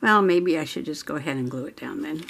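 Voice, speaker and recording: She talks fast in a low, creaky, slightly bright voice, and a little hiss or hum can be heard. The speaker is a middle-aged journaling host who colors while telling a chatty story, laughing often.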